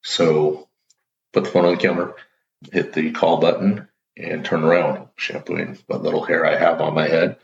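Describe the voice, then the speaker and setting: A man's voice: very deep voice, flat delivery, moderate pace, creaky, a little hiss or hum. A man hosting his own show, telling a playful story in a casual, upbeat monologue. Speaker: show host. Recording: roomy, dull lo-fi audio.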